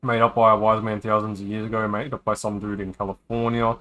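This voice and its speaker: A man reading a visual novel aloud to his stream in a bright, forceful voice. He talks in a casual, joking way and drifts into asides between the lines. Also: on the low side, little pitch movement, fast.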